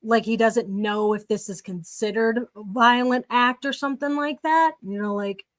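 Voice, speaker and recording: A woman's voice: on the high side, moderate pace, no echo. A woman in a casual online discussion, speaking tentatively and hedging as she feels for her words. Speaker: guest.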